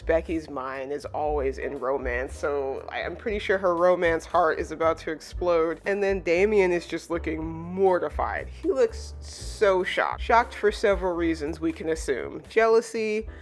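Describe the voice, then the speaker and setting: A woman's voice: low voice, expressive, a little slow, few pauses. A woman giving a casual chapter review, chatty and full of fillers. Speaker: manga reviewer.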